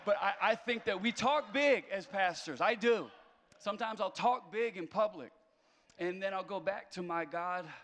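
A male pastor delivers a conversational sermon, with his voice sitting a little higher than most men's. He slips easy, self-deprecating humor into the message. His voice rings out with a long reverb, as if in a large church hall. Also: a bit bright.

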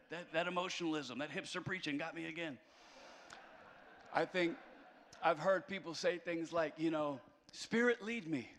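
A man's voice: fairly high pitch, fairly bright tone, big-room sound. A man preaching a conversational sermon as a pastor, mixing self-deprecating humor into his message.

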